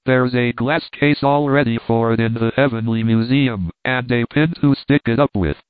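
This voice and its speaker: A man voicing a sharp-tongued, irritable young man who speaks with biting sarcasm. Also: mid-range voice, moderate pace, smooth, no echo, lightly acted. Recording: tinny phone-like line, dry.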